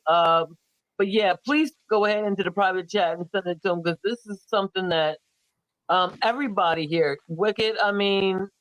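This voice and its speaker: A man's voice: sits high, a bit bright, smooth, dry recording. A man hosting a casual live-stream podcast, talking with enthusiasm and hyping up the artists. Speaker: podcast host.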